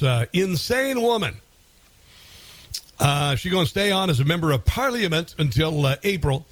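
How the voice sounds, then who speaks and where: A man's voice: on the high side, no echo. A man hosting a radio talk show, commenting sarcastically and rambling with fillers.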